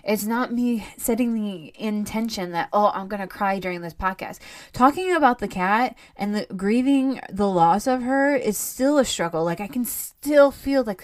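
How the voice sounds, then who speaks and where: With a mid-range voice, a woman hosts her own podcast, speaking candidly in a rambling, heartfelt solo monologue. When she gets to ranting, she becomes animated.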